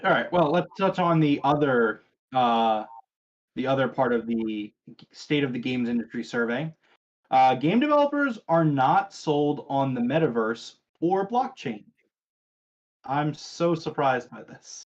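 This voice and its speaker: A man's voice: mid-range voice, sing-song, a little slow, lo-fi sound. A man hosting a casual gaming podcast, reading news items aloud and asking co-hosts questions, with a sarcastic streak. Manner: chatty, sarcastic, leads the discussion. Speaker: podcast host.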